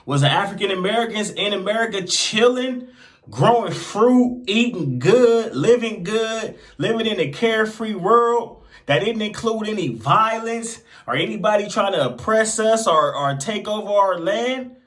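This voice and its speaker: Male host, high voice, playful casual hype, drags out phrases. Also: expressive, a bit bright. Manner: playful, drawn-out hype lines. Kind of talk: casual video host commentary.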